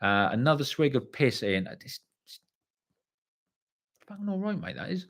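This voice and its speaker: A man's voice: mid-range voice, animated, fairly quick, creaky, a bit bright. A middle-aged man hosting a live stream, reading viewer comments in a casual, rambling way and swearing freely. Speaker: livestream host.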